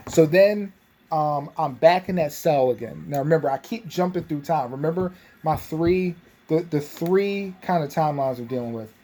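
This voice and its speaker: A man's voice: a little high, moderate pace, warm tone. A young man casually recapping a tabletop game session, rambling with lots of fillers and restarts.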